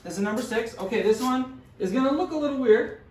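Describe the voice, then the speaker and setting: Speaking quickly and with animation, a man with a very high-pitched voice teaches Spanish to a class. He patiently sounds out words and encourages his students. The mic is distant, the room echoes, and there's slight background noise.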